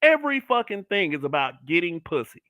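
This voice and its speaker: Middle-aged guy ranting on his own show, cussing a lot, high bright voice, dry close sound. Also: big pitch swings, a little fast, no echo, highs cut off. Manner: profane, blunt ranting with mocking put-on voices. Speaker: online talk show host. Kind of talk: brutally honest solo commentary broadcast.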